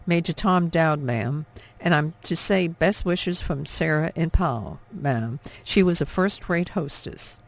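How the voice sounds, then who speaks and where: A man's voice: fairly high pitch, takes it slowly, vocal fry. A man voicing a friendly American male airman, a major, speaking politely and heartily in an audiobook.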